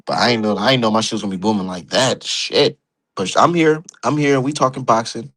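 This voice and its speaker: A man's voice: mid-range voice, brisk, a bit bright. A man hosting a casual boxing livestream, talking loosely and profanely and laughing at his own jokes. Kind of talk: casual live-stream commentary.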